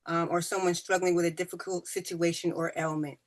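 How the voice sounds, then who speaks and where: Lady interviewer, slightly low voice, slow careful questions. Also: level tone.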